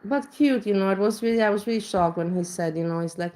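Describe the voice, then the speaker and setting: The vlogger talks quickly in a mid-range voice with a dark tone. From her home kitchen, she tells a meandering, self-deprecating story in casual reaction chat, starting over again and again.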